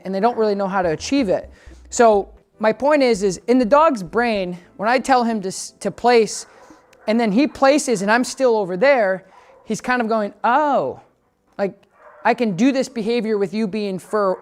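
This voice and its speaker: A woman dog trainer talking through a training demonstration in a casual, explanatory way. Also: on the high side. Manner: chatty and explanatory, with frequent restarts. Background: background music.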